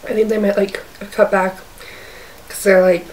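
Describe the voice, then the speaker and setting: A woman's voice: mid-range voice, little pitch movement, moderate pace, darkish tone. Chatty woman vlogging from across the room. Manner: chatty, fills speech with "like". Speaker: mukbang vlogger. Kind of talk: casual chat while eating. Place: apartment, by her bed. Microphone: camera's own mic, zoomed out. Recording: distant camera mic, faint hiss.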